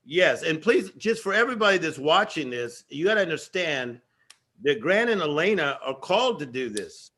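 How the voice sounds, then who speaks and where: Emphatic man with a high voice. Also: big pitch swings, moderate pace, pushed and bright. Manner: preacher-like, emphatic repetition. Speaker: guest speaker. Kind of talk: energetic motivational talk.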